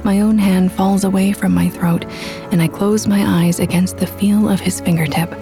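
A young woman narrating a first-person audiobook in a soft, intimate, reflective way. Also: medium pitch, fairly even intonation, moderate pace. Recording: with background music.

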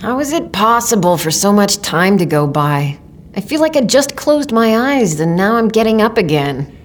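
A woman's voice: mid-range voice, big pitch swings, moderate pace. A woman doing a wry stubborn young woman. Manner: wry, sarcastic.

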